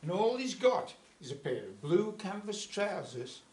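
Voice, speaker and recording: A man voicing a clever little fish in a told folk tale, quiet and knowing. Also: high voice, big pitch swings, a little slow. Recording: echoey folk club room.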